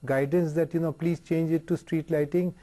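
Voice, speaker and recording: A man, a company chairman joining from a remote studio, speaking in a measured way and reasoning aloud with fillers. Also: on the high side, fairly even intonation, mellow. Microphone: remote studio link.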